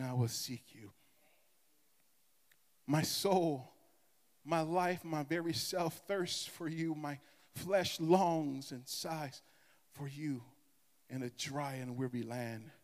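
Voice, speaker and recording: A man's voice: on the high side, slow pace, long pauses, a little mellow. A male pastor preaching a sermon in an impassioned, emphatic way. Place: church sanctuary. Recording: echoey church hall.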